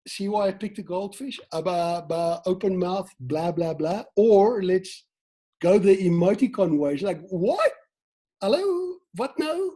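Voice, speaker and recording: A South African man running an online sales training session over a video call, lively, acting out quoted lines and questioning his audience. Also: high-pitched, measured pace. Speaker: team trainer.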